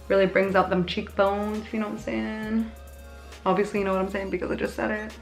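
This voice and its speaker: A woman's voice: medium pitch, steady tone, a little fast, creaky, faint music behind. Young female beauty vlogger, chatty and self-deprecating, casual tutorial talk. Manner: chatty, bubbly, self-mocking asides.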